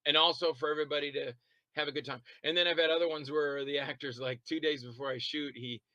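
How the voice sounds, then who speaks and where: A man chatting as an interview guest, telling long rambling stories about making films, quick to laugh and to act out what others said. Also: on the high side, fairly even intonation, bright, forceful tone, dry recording, highs cut off. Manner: rambling anecdotal storytelling. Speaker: interview guest, independent filmmaker and actor. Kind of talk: casual interview chat.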